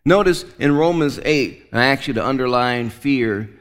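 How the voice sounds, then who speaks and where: A man preaching a sermon with emphatic delivery, often doubling back on his words as he builds a point. His voice sits at an ordinary middle pitch. The sound trails off in the long reverb of a large hall. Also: animated, normal speed, a bit bright. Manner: emphatic, repeats and restarts words. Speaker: pastor.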